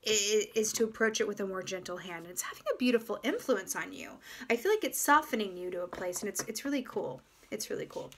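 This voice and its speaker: A woman giving a casual, gentle tarot reading to her viewers, reflective and full of fillers and restarts. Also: medium pitch. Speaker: tarot reader.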